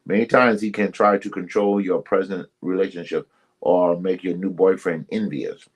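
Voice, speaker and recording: A man hosting a ministry live stream, giving casual relationship advice to his viewers. He talks emphatically and repeats himself like a preacher, jumps suddenly in pitch, and greets commenters by name. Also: steady tone, normal speed, husky.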